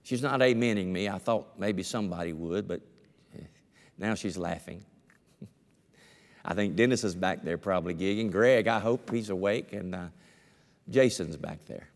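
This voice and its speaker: Older pastor preaching in a reverberant hall. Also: male voice, deep voice. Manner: conversational preaching, drawn-out emphatic phrases. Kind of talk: sermon. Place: church sanctuary. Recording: long reverb of a church hall.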